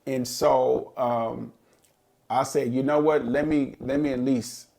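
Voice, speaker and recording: A man's voice: mid-range voice, fairly even intonation, takes it slowly, vocal fry, warm tone. A middle-aged man and podcast co-host, telling a personal story in an earnest, reflective way during a casual chat.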